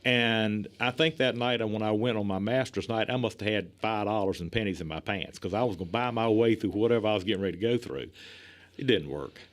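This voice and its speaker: A man in his sixties with a somewhat low voice tells lively stories as a podcast guest. He acts out other people's lines and laughs often as he goes. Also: a little fast. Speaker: police chief, podcast guest. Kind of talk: casual storytelling in a podcast interview.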